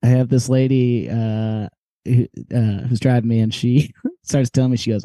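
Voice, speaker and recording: A man's voice: mid-range voice, moderate pace, no echo. A young man co-hosting a podcast, telling a long story in casual chat, acting out the people in it and laughing often. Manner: animated storyteller, acts out quoted voices, laughs often. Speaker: podcast co-host.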